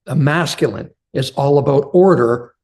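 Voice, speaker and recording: Male coach, slightly raised pitch, earnest motivational talk aimed at men. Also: normal speed, a little mellow. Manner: earnest, addresses listeners as brothers. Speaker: men's relationship coach.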